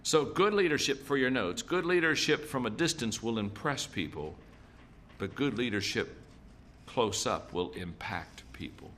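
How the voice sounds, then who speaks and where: This man speaks at a measured pace, animated, in a medium-pitched and fairly bright voice, with faint hiss or hum. A middle-aged leadership speaker, he's delivering a seminar talk of folksy stories and points repeated for emphasis.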